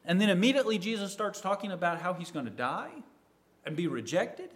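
A man preaching a sermon, acting out a disciple's words and swinging from loud to near silence. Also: high-pitched, animated, moderate pace. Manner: acts out a disciple's words in quoted asides; rises in loudness and falls to near silence.

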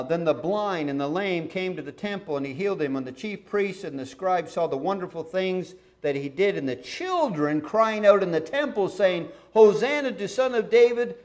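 Reading a scripture passage aloud, a middle-aged preacher then unpacks it with lively, conversational energy. His voice is a little high.

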